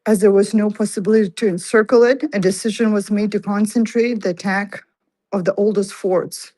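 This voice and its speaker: A woman's voice: medium pitch, fairly even intonation, a little fast, warm tone, low-quality recording. A woman, out of breath, giving a casual livestream tour of a museum inside an old fort and reading exhibit labels aloud while she walks, talking into a handheld phone. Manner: chatty, reads exhibit labels aloud to viewers. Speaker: livestream host.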